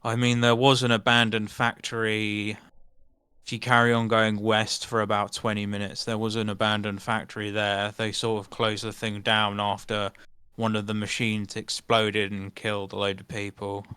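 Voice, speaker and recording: A man puts on an apathetic merfolk clerk at a scrapyard, a low, bright and smooth voice. He sounds flat and dismissive. The sound is dry and close. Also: moderate pace, no echo.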